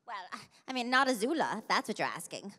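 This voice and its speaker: A woman in her forties who voices cartoon characters, answering fans on a convention panel as an animated storyteller who acts out quotes. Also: fairly high pitch, quick pace, husky.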